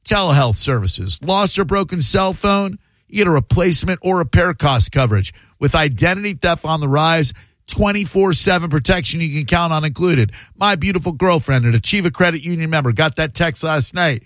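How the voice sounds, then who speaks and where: A man's voice: a little high, animated, fairly bright tone, no echo. A man hosting a radio show, joking with callers and reading ads in a casual, sarcastic way. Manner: joking, sarcastic, quick banter. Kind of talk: casual radio talk and live ad reads. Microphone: studio microphone.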